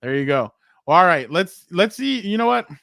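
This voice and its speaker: Man, somewhat high voice, animated storyteller, casual sports chat, dry sound. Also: moderate pace, vocal fry, no echo. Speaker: podcast host.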